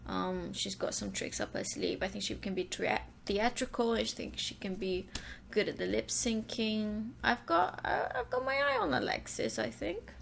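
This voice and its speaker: A woman co-hosting a casual chat, giving blunt, sassy opinions with a gravelly edge to her voice. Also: a little high, lively intonation, normal speed, slight background noise. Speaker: co-host.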